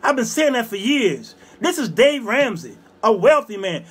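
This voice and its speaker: A man in his fifties hosting a show, delivering a fiery, scolding monologue with repeated hammering phrases and bursts of shouting. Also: very high voice, sing-song, moderate pace, husky. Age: 50s. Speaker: show host. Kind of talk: ranting monologue.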